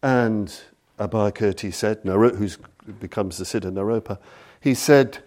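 A man lecturing on Buddhism, telling a story slowly and deliberately and reading passages aloud. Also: lowish voice, a little mellow.

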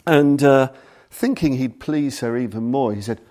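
A man lecturing on Buddhism, telling a story slowly and deliberately and reading passages aloud. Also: medium pitch, a little mellow.

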